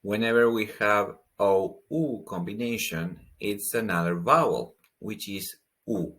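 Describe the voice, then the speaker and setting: A man's voice: fairly low pitch, unhurried, fairly bright tone. A man teaching pronunciation in a patient way, saying each word twice and explaining the sounds. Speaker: language teacher. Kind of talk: slow pronunciation lesson.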